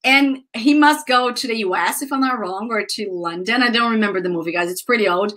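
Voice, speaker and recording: Casting: bright-voiced woman, Brazilian accent, enthusiastic online English teacher, calls students guys. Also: fairly high pitch, brisk. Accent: Brazilian Portuguese. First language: Portuguese. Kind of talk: online grammar lesson.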